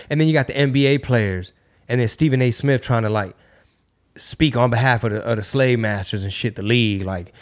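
A man hosting a casual podcast, talking loosely and profanely and riffing through bits with quick mock voices. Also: medium pitch. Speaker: podcast host and comedian.

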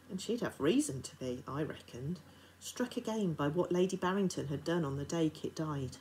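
A woman, a teacher, reading a children's novel aloud to her class in a steady, expressive narration. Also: sits low, normal speed, hardly any pauses, poor audio.

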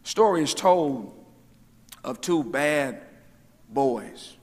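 A male minister preaching a sermon, asking the congregation questions and swinging between booming calls and hushed asides. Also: lively intonation, very slow. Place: church sanctuary. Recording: church hall with long reverb.

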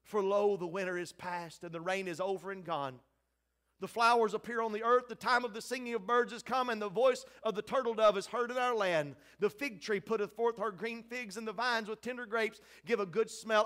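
A man pastor preaching a sermon in a church, swinging from hushed passages to shouted scripture readings. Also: high-pitched, moderate pace. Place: church sanctuary.

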